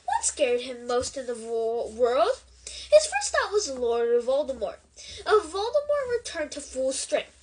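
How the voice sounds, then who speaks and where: A woman reads a novel aloud in an expressive storytelling way. Her voice is high and very lively, climbing and dipping from phrase to phrase. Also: rough recording. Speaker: book reader.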